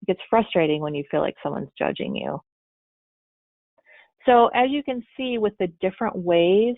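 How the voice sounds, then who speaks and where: A woman's voice: on the low side, dry recording. A woman presenting a training webinar, explaining step by step and giving spoken examples. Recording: tinny phone-like webinar audio.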